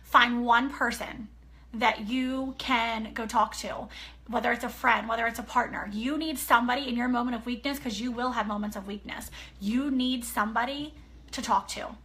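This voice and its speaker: A woman in her thirties, an author telling a personal story in an earnest, animated way, often checking in with her listeners. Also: fairly high pitch, normal speed. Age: 30s. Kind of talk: casual personal talk.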